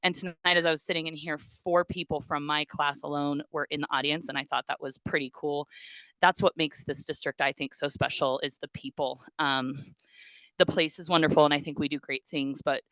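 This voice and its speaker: A woman in her forties speaks to a school board in a low, clear, bright voice. She is talkative and heartfelt, with frequent ums and small restarts. The sound is dry and close. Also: fairly even intonation, a little fast, dry recording, dull audio. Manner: talkative, warm-hearted, emotional, with many ums. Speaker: teacher and union president. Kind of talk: speech at a school board meeting.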